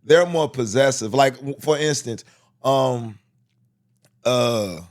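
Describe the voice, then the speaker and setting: A man talks on a casual podcast. His pitch sits in the middle range. He tells personal stories in a rambling, loose way, restarting his sentences often. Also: takes it slowly, a little mellow. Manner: rambling, storytelling with many restarts. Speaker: podcast co-host. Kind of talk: casual conversation.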